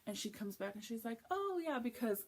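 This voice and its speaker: Chatting casually on a cross-stitch vlog at home early in the morning, a young flosstube vlogger meanders through a story packed with asides. Her medium-pitched voice barely moves in pitch and runs a little fast, slightly mellow and slightly rough.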